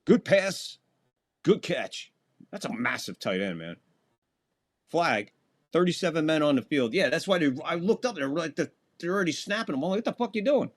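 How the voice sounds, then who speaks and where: Calling football plays for a live fan stream, this male host has a fairly high pitch with big swings and a moderate pace. He chats casually with viewers between snaps, his voice leaping up on the big plays.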